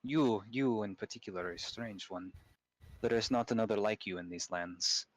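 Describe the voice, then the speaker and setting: A man's voice: fairly low pitch, no echo, natural voice, poor audio. Strahd, a man voicing a brooding vampire lord. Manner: slow, formal, measured speech with a put-on accent. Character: brooding aristocratic vampire lord, male, older, imperious.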